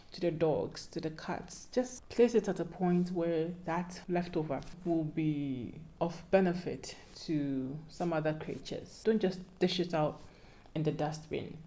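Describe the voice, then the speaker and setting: A woman's voice: low voice, warm tone. A young Ghanaian woman vlogging casual advice in a playful, pleading way that sometimes sounds like a sermon.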